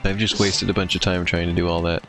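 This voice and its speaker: A man streaming a video game, thinking aloud and reacting quickly as he plays. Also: low-pitched, little pitch movement, over music. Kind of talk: casual gameplay commentary.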